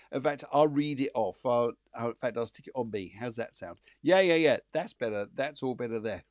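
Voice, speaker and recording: A man's voice: mid-range voice, darkish tone, no room sound, studio quality. A man hosting a live psychic show from home, chatting in an upbeat, rambling way full of fillers. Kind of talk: casual live-stream chat.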